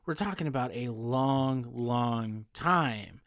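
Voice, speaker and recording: A man's voice: mid-range voice, takes it slowly, fairly bright tone, no room sound, studio quality. A man co-hosting a podcast, talking emphatically and addressing listeners directly. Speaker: podcast co-host. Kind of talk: casual podcast discussion.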